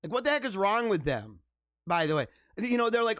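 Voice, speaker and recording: A man's voice: high-pitched, very animated, brisk, fairly bright tone, no echo, studio quality. A man hosting a casual livestream, reading news items aloud and joking about them in a rambling way. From United States. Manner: rambling, joking, chuckles often. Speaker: livestream host.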